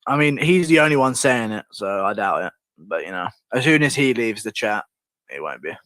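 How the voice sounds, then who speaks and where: A man's voice: fairly low pitch, expressive, normal speed, a bit bright, no echo. A man from the United Kingdom streaming and chatting casually with viewers, rambling and crude.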